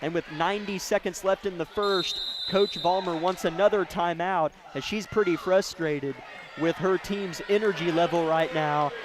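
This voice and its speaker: A man calling a high school basketball game play by play from courtside, quick and excitable, rising to shouts on big plays. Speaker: play-by-play announcer. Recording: noisy gym broadcast feed.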